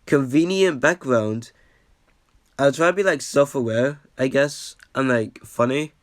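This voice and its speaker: A man's voice: medium pitch, moderate pace, dry recording, studio quality. A man casually reacting to his own old video, talking loosely with plenty of "like" and "um". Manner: loose and rambling, with fillers.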